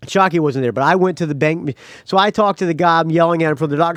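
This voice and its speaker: A man's voice: on the high side, fast, no room sound, clean studio sound. A man hosting his own podcast, telling a rambling story in a casual monologue and acting out other people's lines. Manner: rambling storyteller, acts out quotes loudly. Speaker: podcast host.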